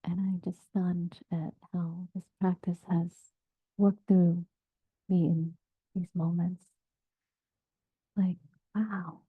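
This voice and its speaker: A woman meditation teacher giving a dharma talk in a gentle, halting way, often dropping to a near-whisper. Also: on the low side, level tone, husky, dry recording. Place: meditation group session, also on video call. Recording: tinny phone-like sound.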